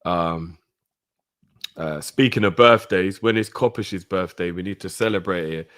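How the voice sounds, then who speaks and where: A man co-hosting a football fan call-in show, laid-back and slangy, giving shout-outs. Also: sits low, unhurried, clear, resonant tone, no echo, studio quality. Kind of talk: casual chat.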